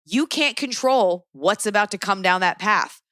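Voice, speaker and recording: A woman hosting a podcast in casual chat, opinionated and animated, with quick asides. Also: medium pitch, no room sound, clean studio sound. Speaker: podcast host.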